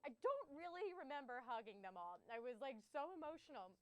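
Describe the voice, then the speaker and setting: A woman's voice: sits high, very animated, fairly quick, no room sound. A woman in her twenties telling an emotional story in casual chat, full of fillers and close to tears. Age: 20s. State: tearful, overcome with emotion. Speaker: podcast co-host.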